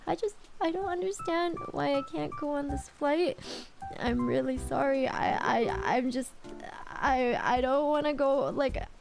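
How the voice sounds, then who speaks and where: A woman voicing an anxious young woman near tears, with a shaky, trembling voice and halting, stammering pleas. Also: high-pitched, vocal fry, music in the background. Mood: tearful, anxious.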